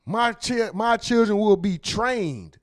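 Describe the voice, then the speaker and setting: Male host with a high voice; blunt, cursing, emphatic commentary. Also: lively intonation, takes it slowly. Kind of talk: casual commentary.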